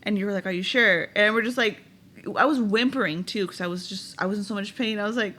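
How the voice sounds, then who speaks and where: Bright-voiced young woman telling a story. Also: medium pitch, quick pace. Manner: chatty, candid, laughs while telling. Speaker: podcast co-host. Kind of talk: casual storytelling chat.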